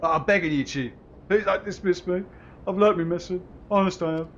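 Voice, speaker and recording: A man's voice: high voice, fairly quick, muffled recording, slight background noise, voice pushed up, lightly acted. A man reading game lines aloud, voicing a panicky male sellsword who begs for mercy in a put-on Scottish accent. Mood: pleading. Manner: whining, begging, rambling.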